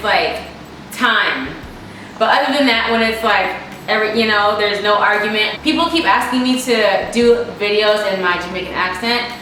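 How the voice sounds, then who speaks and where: A woman's voice: mid-range voice, sharp tone, far from the mic, a little hiss or hum. A young American woman chatting casually through viewer questions, emphatic and repeating her points for stress. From United States. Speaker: vlogger answering viewer questions. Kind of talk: casual Q&A chat. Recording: very echoey room, faint music.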